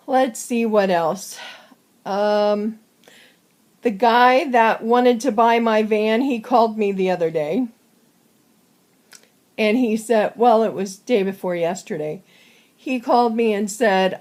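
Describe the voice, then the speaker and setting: A woman giving a casual personal update to her viewers, short of breath and halting, with many fillers. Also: a little high, a little mellow. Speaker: vlogger.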